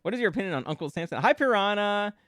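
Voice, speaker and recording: Giggly high-voiced male streamer. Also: lively intonation, very fast, a bit bright, clean tone, dry recording, clean studio sound. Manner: giggly, playful, riffs with chat on lyrics; stammering restarts while brainstorming. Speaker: VTuber streamer. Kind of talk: casual live-stream chat.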